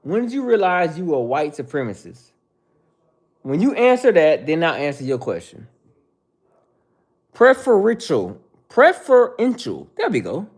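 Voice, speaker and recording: High, lively, mocking male streamer. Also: normal speed. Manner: mocking, profane, confrontational. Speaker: host answering viewer chat. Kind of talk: casual livestream chat.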